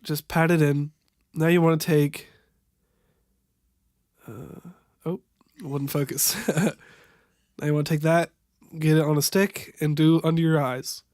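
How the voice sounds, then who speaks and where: A young man improvising a makeup tutorial voiceover, halting and stumbling over product names, wryly amused by what he sees. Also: on the high side, little pitch movement, darkish tone, no room sound, clean studio sound. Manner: wry, amused at the footage. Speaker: voiceover narrator.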